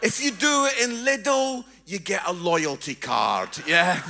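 High-voiced, animated preacher man. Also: slow pace, vocal fry, few pauses, slight background noise. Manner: animated storytelling with comic impressions. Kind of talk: humorous sermon. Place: church hall with congregation.

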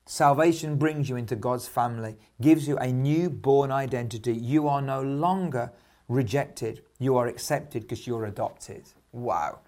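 A man's voice: mid-range voice, a little slow, darkish tone. A middle-aged man preaching a sermon, telling stories and repeating affirmations. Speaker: pastor.

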